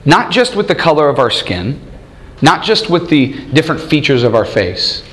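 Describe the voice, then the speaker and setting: A man's voice: fairly high pitch, sing-song, normal speed, a bit bright. A man in his thirties leading a church study group, teaching with many rhetorical questions and frequent chuckles. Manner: chuckles often while telling stories.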